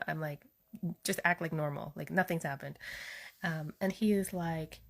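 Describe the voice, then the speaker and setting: A woman's voice: deep voice, normal speed. A woman speaking as a spiritual healer, telling stories in a casual, chatty way with frequent fillers. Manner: chatty, storytelling, many fillers. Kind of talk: casual spoken monologue.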